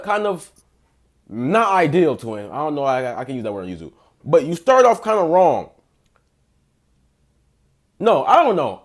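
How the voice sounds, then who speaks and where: A young man, a dating coach, giving blunt, mocking reaction commentary full of profanity and basketball slang. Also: sits high. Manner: blunt, mocking, rates texts out of ten.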